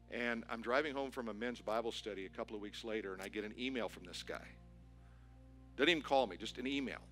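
Male pastor, sermon storytelling, animated and punchy; crisp bright tone. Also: medium pitch. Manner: animated storytelling with rising excitement. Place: church auditorium.

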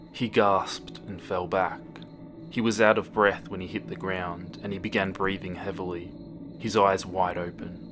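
Man, horror story narration, very deep voice, music playing behind. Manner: steady, dramatic reading with hushed moments.

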